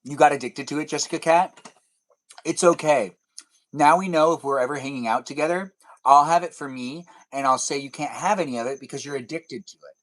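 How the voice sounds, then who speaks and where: A man's voice: fairly high pitch, brisk, fairly bright tone. Playful man chatting on a live stream. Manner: playful, teasing, rambling. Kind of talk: casual live stream chat reading comments.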